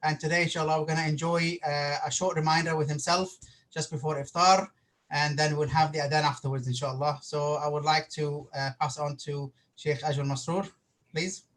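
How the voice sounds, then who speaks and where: A man introducing a speaker at a mosque, speaking haltingly with fillers. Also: on the high side, steady tone, a bit bright. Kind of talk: brief introduction.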